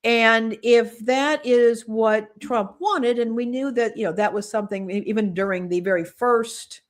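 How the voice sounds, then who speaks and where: A woman's voice: a little high, measured pace. Earnest woman podcast co-host. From United States. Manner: earnest and impassioned, thinking aloud with many restarts. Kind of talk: casual political commentary.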